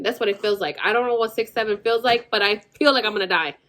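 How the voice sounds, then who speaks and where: A woman's voice: mid-range voice, fast talker, a bit bright. A young adult woman telling a long personal story in casual chat, rambling, full of "like" and exasperated asides.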